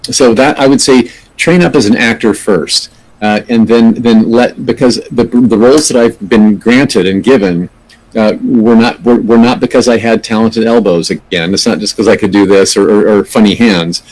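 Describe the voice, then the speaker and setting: A man's voice: fairly low pitch, fairly even intonation, normal speed, darkish tone, low-quality recording. A middle-aged man, an actor, giving thoughtful, earnest answers in an interview and often restarting his sentences. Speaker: actor, podcast guest.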